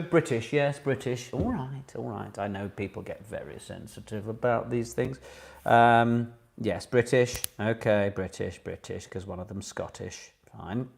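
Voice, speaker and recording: A man's voice: medium pitch, creaky. A man hosting a casual online pub quiz from home, chatty and self-mocking, with jokey asides between questions.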